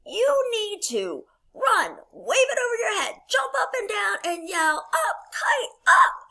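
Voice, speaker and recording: A woman voicing an eager, cheerful male frog in a storybook read-aloud, urging his friend on in an excited, half-shouting way. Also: very high voice, a little slow, creaky, pitched above the performer's own voice, full character voice.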